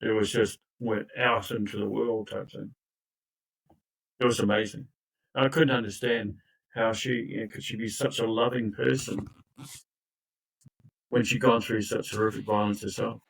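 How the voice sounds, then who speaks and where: A man's voice: fairly low pitch, flat delivery, moderate pace, gravelly, pauses often, breathy edge, poor audio. An older man, a recovery coach telling his own story in an earnest, emphatic way with frequent restarts and asides. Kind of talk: personal storytelling in conversation.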